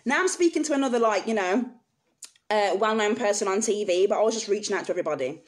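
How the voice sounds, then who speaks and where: A woman's voice: medium pitch, lively intonation, quick pace. A woman vlogger speaking candidly to her viewers, telling a personal story in an earnest, emotional way. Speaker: vlogger sharing personal experience.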